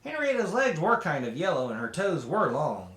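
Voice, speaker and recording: A man reads a children's story aloud with lots of expression. His voice sits high and swings widely from line to line. A roomy echo follows him. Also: normal speed. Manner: expressive, animated. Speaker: storybook reader.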